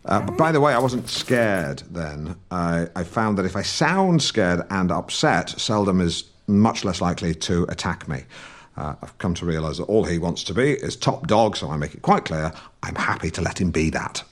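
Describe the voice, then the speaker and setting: Pompous radio bloke, middle-aged, lowish voice that bounces all over, rambles and trips over his words. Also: expressive, normal speed. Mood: confiding. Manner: pompous and rambling, full of hesitations and restarts. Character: pompous, awkward middle-aged male English broadcaster. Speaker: podcast host. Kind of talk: scripted comedic character monologue.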